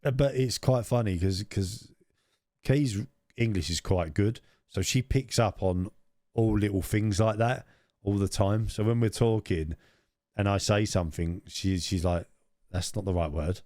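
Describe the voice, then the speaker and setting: A man's voice: fairly low pitch, measured pace, darkish tone, dry recording, studio quality. A man co-hosting a podcast, chatting casually, laughing often and repeating phrases for comic effect. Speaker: podcast co-host. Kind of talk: casual chat.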